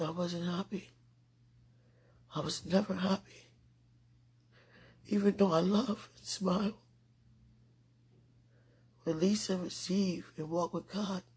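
Slow, husky woman speaking devotionally. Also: lowish voice. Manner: slow, earnest, emotional. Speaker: podcaster. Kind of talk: heartfelt devotional monologue.

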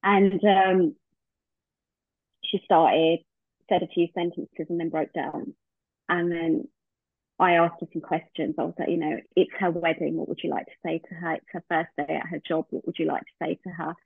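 A woman's voice: fairly low pitch, little pitch movement, normal speed, gravelly, slightly rough, no echo. A woman, a podcast guest, telling a heartfelt personal story and acting out the remembered dialogue. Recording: tinny phone-like line, dry.

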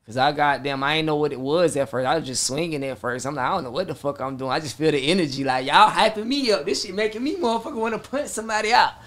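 With a voice a little on the high side, a young performer chats casually in an interview, moving at a quick pace with few pauses. His stories are animated and full of profanity, and he acts out how he reacted.

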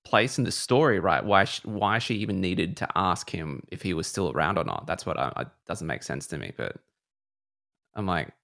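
A man's voice: deep voice, lively intonation, moderate pace, gravelly, a bit bright. A man co-hosting a podcast who questions the story with doubt in his voice. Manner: skeptical, questioning. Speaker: podcast co-host. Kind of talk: casual chat.

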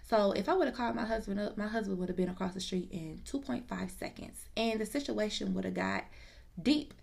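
A woman telling her own story in a casual, lively, slangy way, confiding in the listener. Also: medium pitch, fairly quick, creaky.

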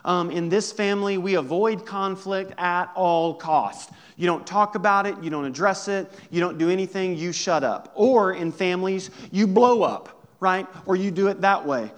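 A male pastor preaching a sermon in a conversational way, with lively asides to the congregation. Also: high voice, moderate pace, hardly any pauses.

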